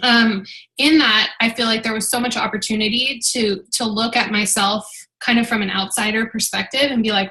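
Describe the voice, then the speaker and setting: Rambling bright-voiced woman host. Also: fairly high pitch, steady tone, normal speed, poor audio. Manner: rambling, with many fillers. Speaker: team leader and host. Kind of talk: casual chat on a video call. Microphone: video call.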